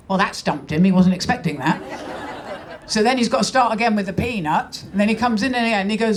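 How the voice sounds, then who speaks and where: A middle-aged woman talks fast in a medium-pitched voice as she works through a brash, mock-exasperated, conversational stand-up routine. She's on a club stage, and the audience is laughing.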